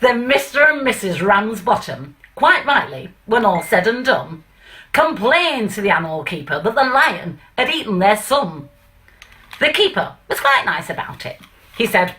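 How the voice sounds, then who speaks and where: A woman's voice: mid-range voice, sing-song, normal speed, bright, forceful tone. A woman reciting a comic monologue poem in a put-on northern English accent, after a chatty introduction full of fillers.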